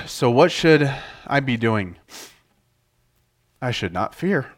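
A middle-aged man giving a relaxed sermon at an ordinary, middle pitch. He talks in a conversational way and often restarts his sentences. Now and then he acts out a quote loudly. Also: slow pace. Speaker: preacher. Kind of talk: casual sermon.

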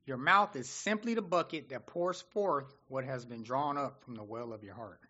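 Man preaching, animated and conversational, bright tense voice, muffled lo-fi sound. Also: mid-range voice, moderate pace, husky. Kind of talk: sermon.

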